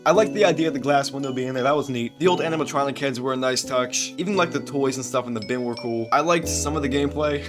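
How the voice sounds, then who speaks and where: A young man giving game review commentary, animated and ranting, with frequent swearing and laughter. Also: medium pitch. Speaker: gaming video creator. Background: soft background music.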